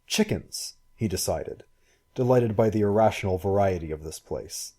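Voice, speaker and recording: A man reading a science fiction story aloud in a measured, even way. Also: fairly low pitch. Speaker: audiobook reader. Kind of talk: scripted narration.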